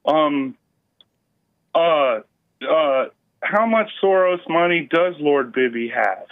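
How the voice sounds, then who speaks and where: A man's voice: a little high, lively intonation, slow, no echo. A male caller chatting casually on a talk show, laid-back and laughing along. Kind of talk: casual phone-in chat. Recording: muffled call-in phone line.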